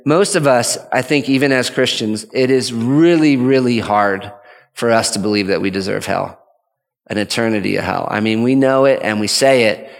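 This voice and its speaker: Earnest dad giving a parenting talk, gravelly voice, big hall reverb, keeps restarting sentences. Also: male voice, mid-range voice. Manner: earnest, rambling with frequent restarts. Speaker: father teaching on parenting. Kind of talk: conversational teaching talk.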